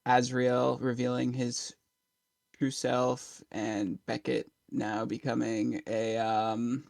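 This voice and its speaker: Gravelly young man rambling a recap. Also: medium pitch, level tone, takes it slowly, darkish tone, no room sound. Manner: rambling, laughing, trailing off mid-thought. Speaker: player. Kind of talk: casual recap of a tabletop session.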